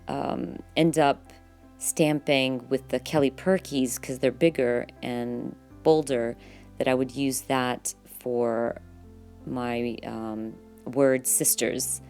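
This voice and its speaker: A woman vlogger narrating her journaling process in a relaxed, chatty voice-over, full of fillers and quick self-corrections. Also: very deep voice.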